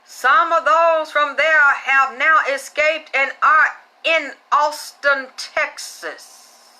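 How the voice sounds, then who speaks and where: A woman's voice: high voice, steady tone, takes it slowly, bright, forceful tone. A woman who works as a spiritual reader tells stories in a casual, blunt way and swears freely. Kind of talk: casual profane storytelling.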